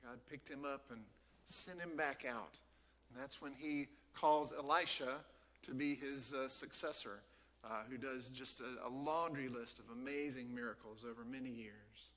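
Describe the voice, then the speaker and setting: A man preaching a sermon as a pastor in a church, telling a Bible story in a lively way and acting out the characters. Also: medium pitch, a little slow.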